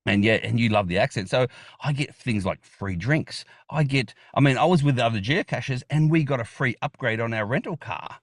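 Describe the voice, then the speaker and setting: A man's voice: mid-range voice, a little fast, dry recording, clean studio sound. A man with an Australian accent, a podcast guest telling stories in a playful, chatty way and laughing often. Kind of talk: casual conversation.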